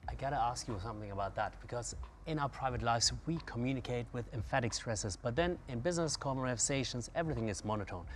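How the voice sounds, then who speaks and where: A man's voice: mid-range voice, fast talker, slight background noise. Agreeable conversational man. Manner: conversational, agreeable, brief answers. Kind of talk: interview chat.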